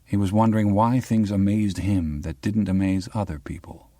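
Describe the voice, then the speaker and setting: A man narrating a crime novel as an audiobook in an even, unhurried way. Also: on the low side, dry recording, clean studio sound. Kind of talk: scripted narration.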